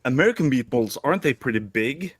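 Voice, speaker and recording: A man's voice: mid-range voice, brisk, breathy edge, no room sound. A man from Sweden with a Swedish accent, a podcast co-host in casual chat, often giggling. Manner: giggly, animated.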